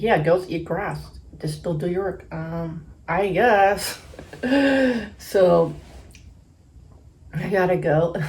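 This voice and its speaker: A woman in her thirties from the Bay Area, casually telling a story while she eats, chatty and quick to laugh. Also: sits low, creaky. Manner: chatty, laughs often, acts out quotes loudly. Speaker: mukbang host.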